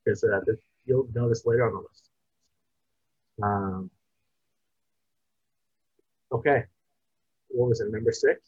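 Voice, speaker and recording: A man's voice: mid-range voice, fairly even intonation, slow, pauses often, a little mellow, husky. A man co-hosting a casual movie review podcast, rambling with restarts. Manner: rambling, restarts, drops into a mumble at ends. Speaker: podcast co-host. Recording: dull, dry podcast mic.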